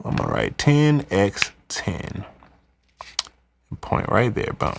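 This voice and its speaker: A man hosting a live podcast, ranting in an animated, conspiratorial way. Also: on the low side, slow pace, gravelly, a little hiss or hum. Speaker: podcast host. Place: indoors, wearing headphones.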